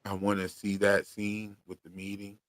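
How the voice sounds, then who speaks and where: A man's voice: on the low side, completely flat delivery, moderate pace, dry recording. A man from Pennsylvania with a Philadelphia accent, co-hosting a loose, slangy livestream chat and reading viewer comments aloud. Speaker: podcast co-host.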